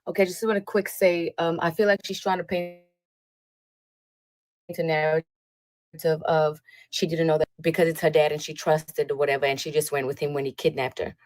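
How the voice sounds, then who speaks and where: A woman with a lower voice argues her case point by point. She sounds firm and pointed throughout. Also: steady tone, moderate pace, darkish tone, no echo. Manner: pointed, argumentative, lays out her points in order.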